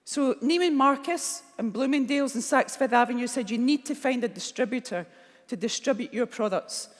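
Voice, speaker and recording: A middle-aged Scottish woman giving a keynote speech, telling blunt, animated stories and acting out the dialogue. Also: on the high side, normal speed. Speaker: keynote speaker. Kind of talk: motivational keynote storytelling. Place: large conference hall. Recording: long hall reverb.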